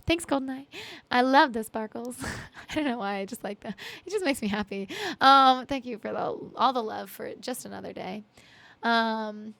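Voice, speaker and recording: Higher-voiced woman chatting with her stream, bright and giggly, dry sound. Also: vocal fry, dry recording. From Canada. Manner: chatty and giggly, with many ums and quick thank-yous. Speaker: streamer and musician. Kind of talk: casual chat with live stream viewers.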